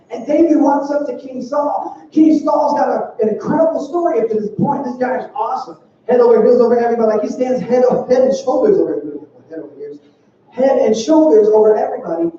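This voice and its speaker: A young man giving a youth sermon in a church, telling a story in an animated way with playful acted quotes. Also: very high-pitched, brisk, a little hiss or hum. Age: young adult. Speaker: youth speaker. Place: church sanctuary. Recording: dull, distant, roomy church sound.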